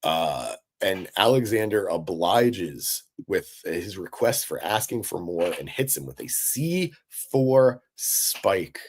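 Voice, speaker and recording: A man's voice: low-pitched, very animated, slow, hardly any pauses. A man hosting a live-stream recap, talking casually and with enthusiasm, answering chat with lots of fillers. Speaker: wrestling recap host.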